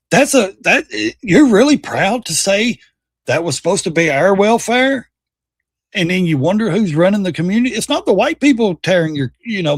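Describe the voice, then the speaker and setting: A man's voice: high-pitched, fairly bright tone, dry recording, studio quality. Heated, profane male livestream host. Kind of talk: casual political rant.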